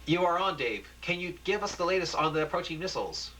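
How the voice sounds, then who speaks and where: An anxious female news anchor, as a man puts her on in a raised falsetto-ish pitch. She presses her reporter with urgent, pleading questions in a bright, tense tone. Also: animated, fast, slight background noise, rough recording.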